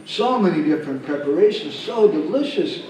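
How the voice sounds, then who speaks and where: A man's voice: on the high side, lively intonation, moderate pace, darkish tone, slight background noise. A man at a devotional camp telling a story and acting out its characters. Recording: echoey hall, speaker far from mic.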